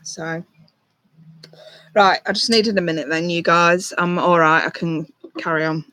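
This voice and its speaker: A tarot reader on a live stream, talking softly and reassuringly to a viewer, with many ums and restarts. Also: medium pitch, fairly even intonation, measured pace, dry recording.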